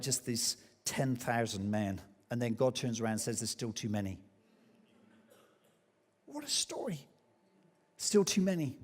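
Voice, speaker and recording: A man preaching a sermon as pastor, telling a story with lively acted-out quotes. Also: mid-range voice. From England. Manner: animated storytelling, acts out quoted voices. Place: church hall. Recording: long hall reverb.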